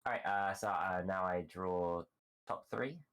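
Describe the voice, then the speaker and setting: Low-voiced player, upbeat and chatty, casual game stream. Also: male voice, unhurried, a bit bright, clear, resonant tone. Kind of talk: casual chat.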